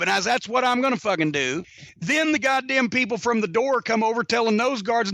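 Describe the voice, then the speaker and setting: A man's voice: very high voice, moderate pace, pushed and bright, dry recording. A middle-aged man telling a heated, profanity-filled story on a podcast. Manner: heated, cursing constantly, Southern drawl. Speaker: podcast host.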